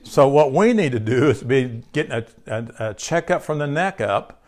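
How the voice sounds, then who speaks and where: A man's voice: medium pitch, lively intonation, moderate pace, a little mellow. A man preaching a sermon in a conversational way, asking his listeners questions and repeating key phrases. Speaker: pastor.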